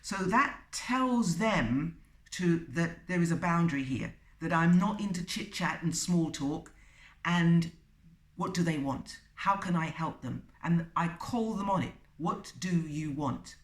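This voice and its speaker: Woman presenter, low voice, emphatic advice with repeated phrases; distant mic, roomy echo. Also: lively intonation. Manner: emphatic, repeats key phrases, pauses with fillers. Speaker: self-help video presenter. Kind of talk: advice talk to camera.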